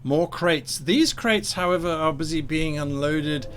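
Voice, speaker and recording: A man narrating a tabletop game as game master, describing scenes in a relaxed way with fillers. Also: fairly high pitch, a little slow, a little hiss or hum.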